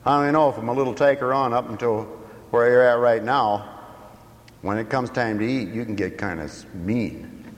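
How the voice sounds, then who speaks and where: A man's voice: mid-range voice, moderate pace. A man preaching a sermon in a folksy, joking manner, often asking the congregation questions. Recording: long hall reverb.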